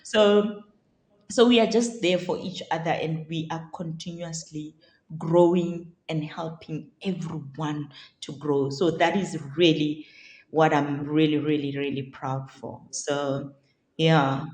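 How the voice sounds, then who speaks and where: A woman business coach answering an interviewer over a video call, halting and repeating words as she reflects. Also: low voice, fairly even intonation, a little mellow. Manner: halting, repeats words while gathering thoughts. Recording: roomy echo on a call.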